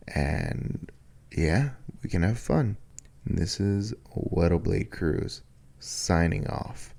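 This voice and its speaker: A young man hosting a podcast, telling a scary story in a slow, relaxed manner. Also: low-pitched, creaky. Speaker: podcast host.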